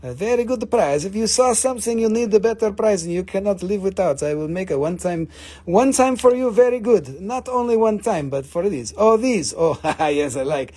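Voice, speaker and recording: Give me an enthusiastic, profane man hosting a live crystal sale, with a raised pitch. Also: expressive, normal speed, warm tone. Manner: joking, profane, enthusiastic salesman. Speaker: host of a live mineral sale. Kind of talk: livestream sales chat.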